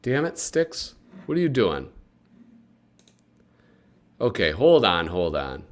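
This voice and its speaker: In casual live commentary, a man with a lowish voice talks slowly, his pitch swinging widely. He hosts the livestream by rambling along and chatting with viewers, dropping in plenty of fillers.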